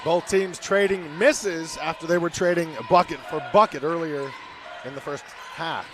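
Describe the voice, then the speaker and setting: A man's voice: a little high, fairly even intonation, a little slow, background noise. Wry male color commentator.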